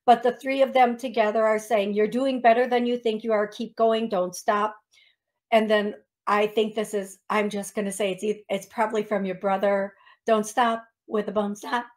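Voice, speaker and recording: A woman's voice: mid-range voice, flat delivery, normal speed, darkish tone. A woman hosting a radio call-in show as a psychic medium, talking in a chatty way with many restarts and ums.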